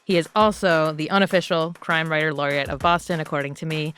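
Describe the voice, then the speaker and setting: A woman hosting a podcast interview, friendly and quick to laugh, then reading the closing credits. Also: deep voice, fairly bright tone, slight background noise. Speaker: podcast host. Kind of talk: interview and scripted outro.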